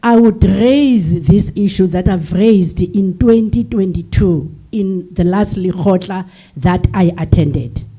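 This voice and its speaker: A woman's voice: medium pitch, takes it slowly, warm tone, breathy edge. An older South African woman delegate giving an earnest, emotional speech from the floor of a forum, repeating her points. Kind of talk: impassioned floor address. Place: large conference hall.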